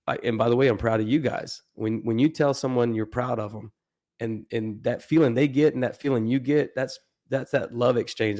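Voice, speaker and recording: Dude guest on a podcast going on earnestly, swears a lot, regular mid voice. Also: male voice, medium pitch, a little mellow. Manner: earnest, loose talk with swearing and laughs. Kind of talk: casual chat.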